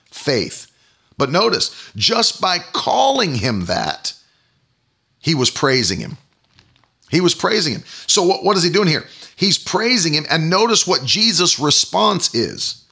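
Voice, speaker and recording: A man preaching a sermon, emphatic, building to loud exclamations on key phrases. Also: on the high side.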